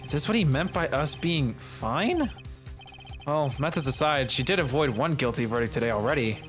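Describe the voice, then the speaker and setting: A jittery young courtroom attorney, played by a man in a fan dub, bouncing between doubt and resolve with a lively, swinging pitch. He stumbles over his words when caught out, while a soft game soundtrack plays beneath. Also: moderate pace, close to an everyday voice. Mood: determined. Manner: flustered, stammering. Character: young male defense attorney, nervous but earnest. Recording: faint game music behind.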